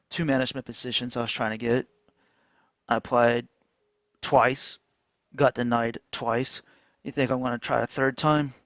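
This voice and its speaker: A man's voice: medium pitch, no echo. Man, casual ranting commentary, mocking tone, dry muffled recording. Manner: animated, mocking voices, frequent laughs. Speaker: trading vlogger. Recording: dull lo-fi dry sound.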